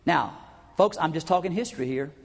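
A man's voice: a little high, expressive, fairly quick, gravelly. A man preaching a folksy, emphatic sermon to his congregation, sometimes acting out crowd chants. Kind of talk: sermon teaching. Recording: hall reverb.

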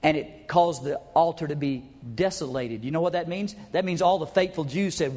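A man's voice: fairly high pitch, lively intonation, moderate pace, hardly any pauses. A man preaching a folksy, emphatic sermon to his congregation, sometimes acting out crowd chants. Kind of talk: sermon teaching. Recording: hall reverb.

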